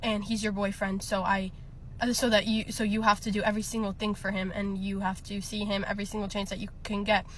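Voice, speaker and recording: A woman's voice: mid-range voice, flat delivery, brisk, slight background noise. A young woman telling a personal story in a casual storytime, chatty, laughing often and filling with lots of ums and likes.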